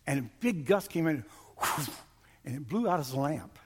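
A man telling a story to a live audience in a lively, animated way, acting out the lines he quotes. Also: a little high, normal speed, slightly rough. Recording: long hall reverb.

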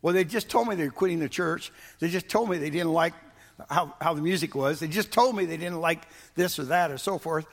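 A man's voice: a little high, fairly quick. A man preaching a sermon in a folksy, storytelling way, often repeating words and building up to emphatic outbursts. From Missouri. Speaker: pastor.

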